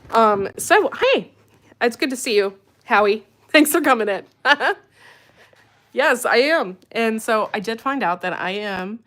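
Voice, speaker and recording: A woman with a fairly low voice chats on a livestream from home. She rambles happily and keeps repeating words when she gets excited. Her talk is loose and unscripted. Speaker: farm channel host. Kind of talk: casual livestream chat.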